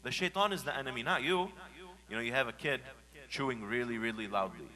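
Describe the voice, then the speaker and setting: A man delivers a Friday sermon in a mosque with a bright, forceful voice. He talks like a storyteller, going hushed and tender, then bursting into loud, mimicked scolding. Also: mid-range voice, a little fast, rough recording. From United States. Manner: animated, swings from hushed to shouting when acting out scolding. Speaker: preacher.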